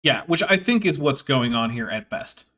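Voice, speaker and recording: A man's voice: medium pitch, animated, moderate pace, fairly bright tone. A man hosting a live stream, chatting casually and sardonically, with frequent fillers. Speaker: streamer and host.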